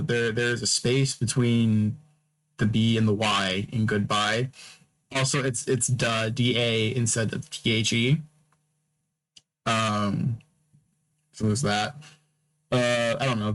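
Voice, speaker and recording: The recording is low quality, and the man's medium-pitched voice comes across a bit bright. Hosting a podcast alone, he wanders casually from point to point, yawning sleepily between topics and tripping over repeated words, phrases and stammered restarts.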